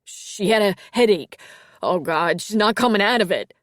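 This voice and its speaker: A woman's voice: medium pitch, animated, moderate pace, dry recording, studio quality, natural voice. A woman voicing a seventeen-year-old boy who stammers and speaks frantically. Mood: panicked.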